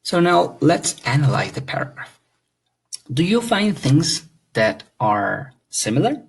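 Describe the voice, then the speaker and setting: A man's voice: fairly high pitch, big pitch swings, a little slow, gravelly, slightly rough, rough recording. A man teaching an English grammar lesson, explaining patiently and checking understanding with questions.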